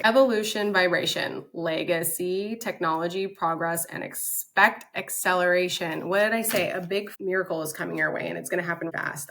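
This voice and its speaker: A woman's voice: lowish voice, fairly quick, vocal fry, fairly bright tone, a little hiss or hum. A young woman giving a casual, enthusiastic oracle card reading, reading card text aloud and chatting between passages. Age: young adult. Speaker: spiritual content creator.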